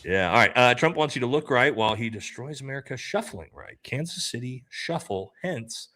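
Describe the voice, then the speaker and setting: A young man hosting a livestream, reading chat comments in a relaxed, casual way. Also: medium pitch, a little fast. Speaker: livestream host.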